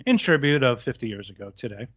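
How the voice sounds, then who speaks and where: A male co-host on a casual film podcast eagerly retells scenes and acts out movie lines with gusto. His medium-pitched voice moves fast and animatedly, though the audio sounds dull.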